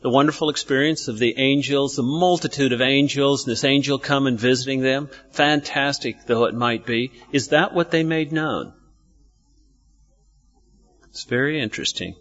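A man's voice: mid-range voice, moderate pace, fairly bright tone, muffled recording, soft background music. A man preaching a sermon, asking his listeners questions and answering them himself. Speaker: pastor.

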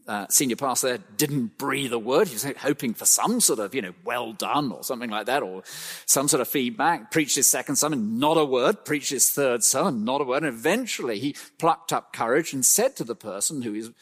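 A man's voice: lively intonation, husky. Male preacher in a reverberant hall. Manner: emphatic, with slow stressed phrases and wide pitch swings. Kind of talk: expository sermon.

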